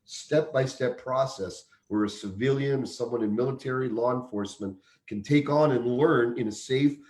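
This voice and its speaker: A man's voice: mid-range voice, moderate pace, darkish tone, roomy sound. A man hosting a live interview, talking with enthusiasm about his own self-defense teaching. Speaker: host.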